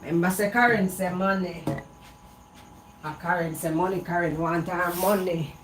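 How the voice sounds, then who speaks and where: Speaking at a normal speed with fairly even intonation, a lowish-voiced Jamaican woman vlogs a casual gossip monologue in patois. She keeps repeating herself to stress her points while an evening breeze moves around her outdoors, and slight background noise is audible.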